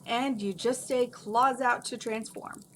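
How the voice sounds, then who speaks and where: A woman's voice: fairly high pitch, steady tone, a little slow, slight background noise, pitched above the performer's own voice, close to an everyday voice. A woman voicing a sarcastic tiny male magical creature, cheeky and griping as she reads a story aloud. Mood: snarky. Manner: cheeky, griping, calls others Grouchy.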